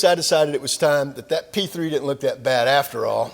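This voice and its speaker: Gravelly older man telling war stories. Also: medium pitch, normal speed, hardly any pauses, big-room sound. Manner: folksy, self-deprecating storytelling with many fillers. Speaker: guest speaker at a military lecture series. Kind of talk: anecdotal lecture. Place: lecture hall of a club.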